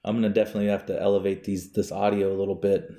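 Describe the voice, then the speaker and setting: A man's voice: low-pitched, flat delivery, racing, mellow. A young man co-hosting a casual podcast, rambling and laughing often as he spins theories. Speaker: podcast co-host. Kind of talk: casual chat. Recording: roomy echo.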